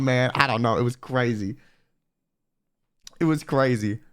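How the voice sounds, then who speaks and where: A young man, a streamer, telling a profane, animated story in casual chat and quoting people in put-on voices. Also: mid-range voice, normal speed, long pauses.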